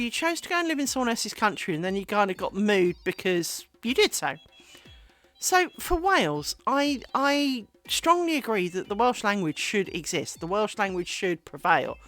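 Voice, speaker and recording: A woman's voice: medium pitch, a bit bright. A woman chatting casually on a live stream while she makes lace, rambling and self-deprecating, with lots of fillers.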